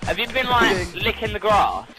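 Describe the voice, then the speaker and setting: A man's voice: sits high, expressive, moderate pace, low-quality recording. A man hosting a gaming video, chatting casually and crudely with friends, swearing constantly and joking. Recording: game music underneath.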